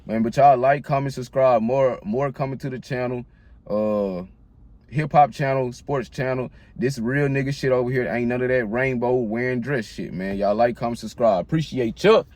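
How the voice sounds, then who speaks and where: A man's voice: medium pitch, moderate pace, a little mellow, no room sound. A man hosting his own channel, delivering a blunt, profane rant straight to the camera. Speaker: channel host.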